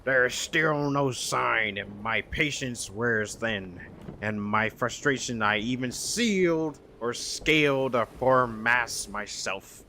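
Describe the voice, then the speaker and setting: A man putting on a pirate voice to play a frustrated, weathered pirate captain in a game, with slow, grandiose delivery over steady background noise. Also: medium pitch. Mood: impatient.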